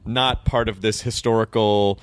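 An American man hosting an interview, talking casually with halting restarts and jokes. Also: fairly low pitch, steady tone, smooth. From United States. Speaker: interview host.

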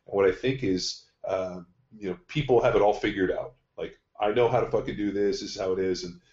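Blunt, profane man with a deep voice. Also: fairly quick, darkish tone. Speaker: podcast host, strength coach. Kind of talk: casual podcast talk. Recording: dull, roomy studio sound.

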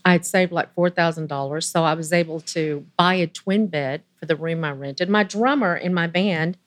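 A woman in her sixties with a Southern US accent, telling her life story as an interview guest in a chatty, animated way. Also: normal speed, a little hiss or hum. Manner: chatty, animated, voice rising high when excited. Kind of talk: personal storytelling.

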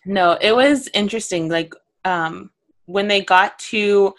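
Young woman podcast cohost, mid-pitch, animated and exasperated, lots of "like". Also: unhurried. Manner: animated, filler-heavy, exasperated rants. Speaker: podcast co-host. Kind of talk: casual chat.

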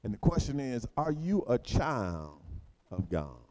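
A man's voice: medium pitch, sing-song, unhurried, darkish tone, a little hiss or hum, voice pushed down. A man voicing a persistent male visitor at the door, who speaks earnestly and insistently.

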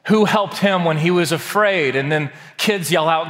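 A man pastor reading scripture dramatically and then preaching a sermon, slowing down for emphasis. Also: fairly high pitch, lively intonation, a bit bright. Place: large church sanctuary. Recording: long hall reverb.

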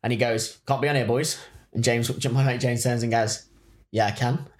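A man's voice: mid-range voice, moderate pace. A young man, telling rowdy anecdotes in casual chat with friends, swearing and laughing often. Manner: animated, swearing, bursts of laughter.

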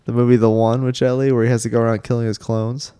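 A man in casual group chat, excitable and rambling, laughing often as he retells things. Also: medium pitch, quick pace, smooth.

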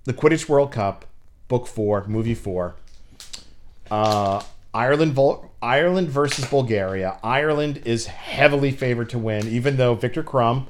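An American man talking in a loose, rambling podcast chat, his voice sitting at an ordinary middle pitch. He laughs often and his pitch jumps sharply when he gets worked up. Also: normal speed. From United States. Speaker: podcast co-host. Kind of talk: casual fan chat.

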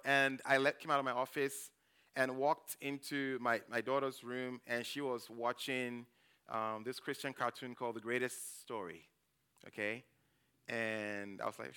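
A man's voice: mid-range voice, bright, forceful tone, clean tone. A man, a church elder, preaching a conversational sermon, telling stories and often checking in with the congregation by asking "okay?". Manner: acts out his own quoted reactions.

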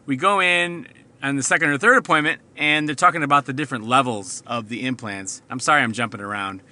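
A man's voice: mid-range voice, brisk. A man, telling a heated, profane solo story as a podcast host, jumping from point to point. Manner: profane, heated, jumps around; animated, swings between quiet asides and loud outbursts.

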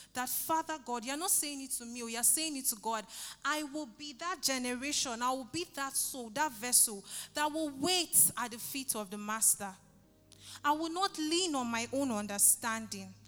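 A woman delivers a sermon, her high, bright voice pressing and repeating phrases with fervent urgency. She rings through a reverberant church hall with soft music underneath. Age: 30s. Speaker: preacher. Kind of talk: sermon with altar call.

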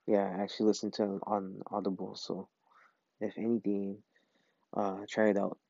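A man's voice: on the low side, flat delivery, normal speed, gravelly, mellow, no room sound, dull audio. A man hosting a casual solo podcast from his bed, rambling with many fillers and hesitations. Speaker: podcast host. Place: bedroom, in bed.

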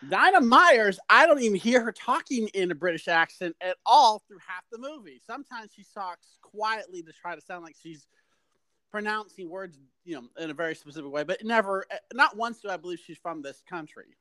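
A man's voice: high voice, lively intonation, brisk, bright, forceful tone, no room sound. A man co-hosting a podcast, giving rambling, opinionated film criticism in casual chat. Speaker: podcast co-host.

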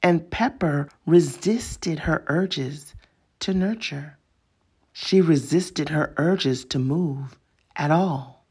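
Slow, breathy woman storyteller. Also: low voice, a little mellow. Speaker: narrator. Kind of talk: scripted literary narration.

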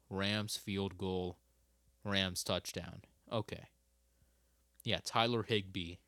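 A man's voice: low-pitched, bright, forceful tone, dry recording. A young man hosting a casual solo podcast, rambling and stopping himself mid-sentence, cursing freely. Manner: rambling, self-interrupting, swears a lot. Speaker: podcast host.

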